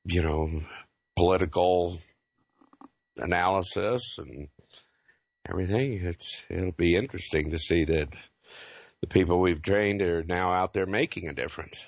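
A man's voice: low-pitched, a little slow, vocal fry, pauses often, no echo, dull audio. A man from Oregon chatting casually, telling anecdotes and laughing often. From Oregon, USA. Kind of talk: casual podcast chat.

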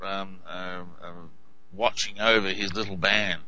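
A man's voice: low-pitched, steady tone, measured pace, pushed and bright, rough recording. A man with an Australian accent casually commenting on clips, hesitant and full of ums and uhs. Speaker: video host.

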